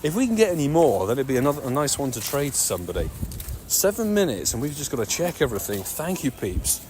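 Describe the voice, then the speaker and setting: A man from the United Kingdom livestreams while walking city streets and playing a mobile game, keeping up excitable, nonstop chatter like a radio DJ. His mid-range voice moves fast, and loud traffic noise fills the recording.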